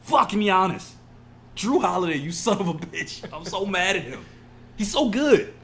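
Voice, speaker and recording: A man's voice: high voice, big pitch swings, moderate pace. A man co-hosting a casual podcast, ranting emotionally and swearing a lot. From California. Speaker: podcast co-host. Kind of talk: casual chat.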